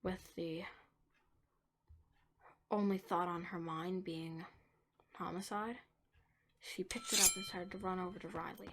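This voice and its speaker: A woman's voice: fairly low pitch, steady tone, a little slow, pauses often, fairly bright tone, a little hiss or hum. Woman narrating a story, dropping to whispers. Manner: dramatic, shifting between whispers and emphasis.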